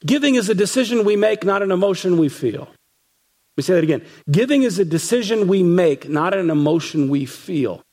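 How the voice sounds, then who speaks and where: A man's voice: high-pitched, darkish tone, breathy edge. A man preaching a sermon as pastor, emphatic, repeating phrases and acting out what people say. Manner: emphatic, repeats phrases, acts out quoted voices.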